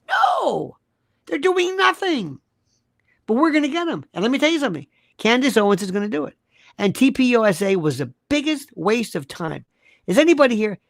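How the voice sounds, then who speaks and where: Animated gravelly talk-show host man. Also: very high voice, dry recording, studio quality. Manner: animated, emphatic, repeats rhetorical questions. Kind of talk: live-stream talk show monologue.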